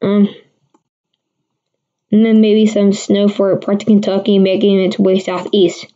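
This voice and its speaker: A woman's voice: mid-range voice, little pitch movement, measured pace, mellow. A woman hosting a casual livestream weather forecast, rambling with many restarts while answering viewers. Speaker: amateur weather forecaster host. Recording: dull lo-fi stream audio.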